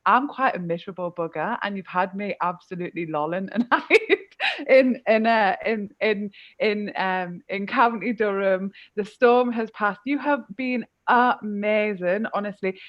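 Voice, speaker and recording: A woman's voice: mid-range voice, unhurried, dry recording, muffled recording. A woman hosting a live online fundraiser, self-deprecating and grateful. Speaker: host. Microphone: video call.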